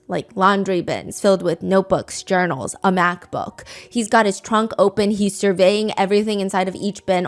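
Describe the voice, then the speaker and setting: Animated woman narrating true crime. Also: mid-range voice. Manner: animated, reads quotes aloud with feeling. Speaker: podcast host.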